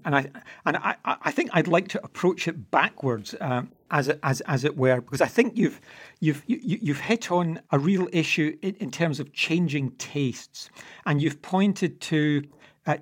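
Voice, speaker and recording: Guy stammering n restarting a lot, slightly higher voice, history chat. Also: breathy edge. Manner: hesitant, many stammered restarts. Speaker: historian guest. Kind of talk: conversational discussion.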